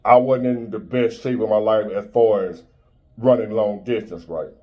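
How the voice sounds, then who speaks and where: A man's voice: lowish voice, steady tone, normal speed, dull audio. A man in his fifties giving a blunt, preachy motivational monologue in street-style talk. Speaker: motivational speaker.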